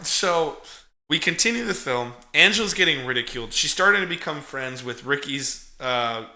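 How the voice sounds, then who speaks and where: A man's voice: mid-range voice, lively intonation, fairly quick, pushed and bright, echoey room. A man casually recapping a film as a podcast co-host, swearing freely and laughing as he tells it. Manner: profane, chuckling storyteller.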